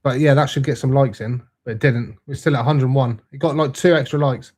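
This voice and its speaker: A man's voice: medium pitch, steady tone, quick pace, darkish tone. A young man hosting a live stream, chatting casually and reading out viewer comments in a laid-back, matey way.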